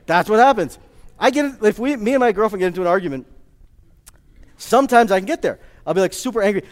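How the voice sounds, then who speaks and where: Man, fairly high voice, joking motivational speaker, quizzes the audience, long hall reverb. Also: fast talker. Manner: energetic, joking, quizzes the crowd. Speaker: speaker addressing a live audience. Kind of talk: live motivational talk.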